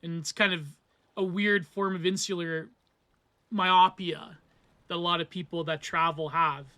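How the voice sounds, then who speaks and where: A man gives a loose, chatty film analysis, wandering off into tangents and asides before finding his way back. His voice sits high for a man and sounds bright and forward. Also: fairly even intonation, a little slow. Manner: rambling, digressive, with asides and acted quotes. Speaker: film reviewer. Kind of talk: casual film analysis monologue.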